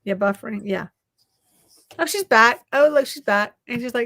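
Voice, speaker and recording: Chatty livestream host, woman, North Louisiana accent, bright tone. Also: a little high, expressive, normal speed. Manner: chatty, easily amused. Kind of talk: casual live chat.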